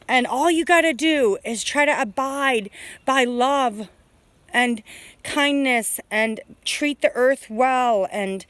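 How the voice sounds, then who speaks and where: A woman's voice: high voice, takes it slowly, a bit bright, no room sound. A woman talking through her feelings on her homestead in a rambling, heartfelt vlog, full of fillers and restarts, emotional and near tears. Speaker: homesteader vlogger. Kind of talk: emotional personal vlog monologue. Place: outdoors on a homestead.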